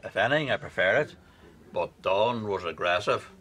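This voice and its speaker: An actor with a Northern Irish accent playing a rambling old uncle telling a long story in a sitcom. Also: male voice, lowish voice, animated, normal speed, a bit bright. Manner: meandering storyteller. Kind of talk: sitcom acting.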